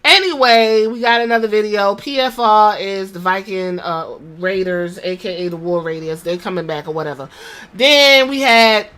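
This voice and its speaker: A woman hosting a podcast, recapping a wrestling show in casual, profane, animated storytelling with quoted impressions. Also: medium pitch, moderate pace. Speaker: podcast host.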